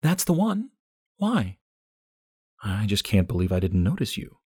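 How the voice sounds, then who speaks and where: A man voicing a gentle young woman with a soft, melodic manner. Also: wildly swooping pitch, measured pace, breathy edge, dry recording, clean studio sound, exaggerated voice. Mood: gentle, curious. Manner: soft, melodic, raised pitch.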